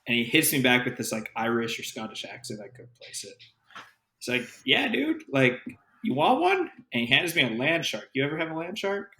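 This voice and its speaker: A man co-hosting a podcast, telling an animated, profanity-laced story in casual chat. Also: mid-range voice, fairly quick. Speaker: podcast co-host. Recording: roomy echo.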